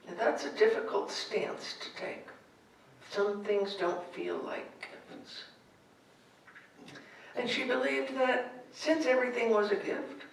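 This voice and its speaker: A woman spiritual director giving a gentle sermon in a church sanctuary, heard from far off in an echoey hall. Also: on the high side, gravelly. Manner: gentle, storytelling, unhurried.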